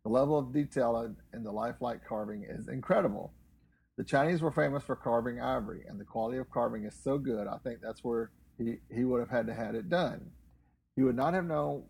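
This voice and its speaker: Gravelly, husky man reading news. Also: medium pitch, brisk, a little mellow, rough recording. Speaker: co-host reading news stories. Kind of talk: casual news chat, reading articles aloud.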